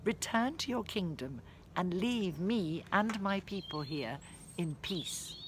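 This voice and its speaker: A woman voicing a calm, gentle young princess who speaks softly and kindly. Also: on the low side, takes it slowly, background noise.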